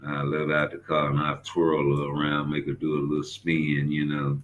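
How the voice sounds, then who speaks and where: Deep-voiced man ranting loosely. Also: completely flat delivery, fairly quick, few pauses, a little hiss or hum, rough recording. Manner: profane, rambling, storytelling with repeated fillers. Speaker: boxing commentary host. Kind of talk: casual commentary rant.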